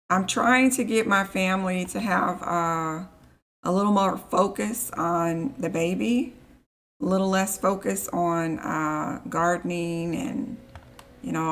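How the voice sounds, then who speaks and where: A woman chatting casually while live-streaming a game, rambling and easily annoyed, with a rough morning voice. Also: lowish voice, fairly bright tone. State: morning voice, just woke up.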